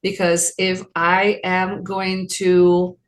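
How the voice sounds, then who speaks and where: A woman's voice: fairly low pitch, little pitch movement, drawn-out words. A woman around sixty from New York City, sharing her personal story as an interview guest, earnest and reflective.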